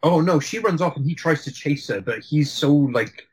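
A man's voice: on the high side, expressive, moderate pace, darkish tone, breathy edge, poor audio. A man in casual conversation about a film, rambling with many restarts and frequent laughs.

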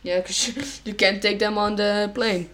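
A young woman co-hosting a casual podcast. She tells her stories with animated, giggly energy, and her pitch sits at a middle height. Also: a little slow. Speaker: podcast co-host. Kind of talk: casual chat.

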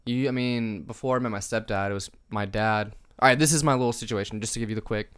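A man hosting a podcast, chatting in a relaxed, open way. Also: lowish voice, fast talker, smooth. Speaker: podcast host. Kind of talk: casual chat.

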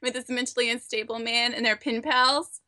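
Bright-voiced woman tossing in quips. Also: on the high side, fairly even intonation, moderate pace, no room sound, studio quality. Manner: short, giggly interjections. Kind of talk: casual movie chat.

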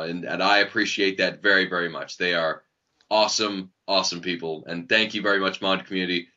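A man's voice: sits low, bright, forceful tone. A man co-hosting a casual podcast chat about video games, riffing and joking animatedly. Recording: dull lo-fi sound.

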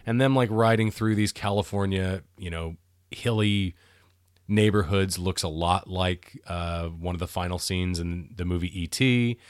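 A man with a lowish voice talks through a film in relaxed podcast chat. He picks apart scenes with a chatty, analytical bent and laughs easily. The sound is dry and close, with no room around it. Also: unhurried, clear, resonant tone, no room sound. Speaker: podcast co-host. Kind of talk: casual movie commentary chat.

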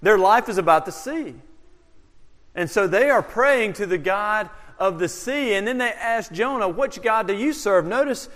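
High-voiced preacher in a reverberant hall. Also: male voice, a little slow. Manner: animated, rhetorical questions, swings from loud to hushed. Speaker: pastor. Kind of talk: expository sermon.

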